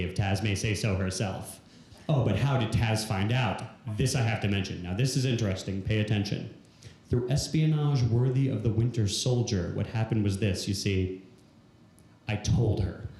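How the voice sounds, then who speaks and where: A man's voice: mid-range voice, a little mellow, a little hiss or hum. A man performing rhyming stand-up comedy on stage, telling a story in rhymed verse. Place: live comedy venue stage. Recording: echoey live venue room.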